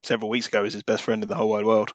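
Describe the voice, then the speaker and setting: A man co-hosting a podcast, tossing in quick, wry asides while discussing a film. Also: on the low side, completely flat delivery, highs cut off. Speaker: podcast co-host.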